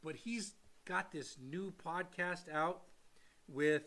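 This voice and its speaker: A man co-hosting a casual podcast, with a high, bright and sharp voice. He talks with real animation, jumping into quoted voices and laughing often. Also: slow pace. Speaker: podcast co-host. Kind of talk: casual chat.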